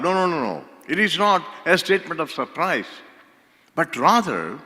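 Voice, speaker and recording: A man from India preaching a sermon as pastor, slow and emphatic, repeating key phrases for weight. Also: on the high side, sing-song, bright, forceful tone. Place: church sanctuary. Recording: long hall reverb.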